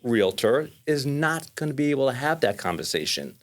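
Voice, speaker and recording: A man's voice: very animated, moderate pace. A man in his fifties with a New York accent, a guest talking casually in an interview, rambling with many restarts. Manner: rambling, many restarts, rises in pitch when making a point. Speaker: podcast guest, mortgage lender.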